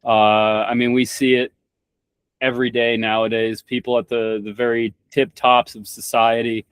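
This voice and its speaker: A man's voice: medium pitch, level tone, moderate pace, smooth, no echo. A young man from Kentucky, a podcast guest, talking casually, rambling with restarts and swearing bluntly. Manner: rambling, frequent restarts and stammered repeats. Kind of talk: casual conversation.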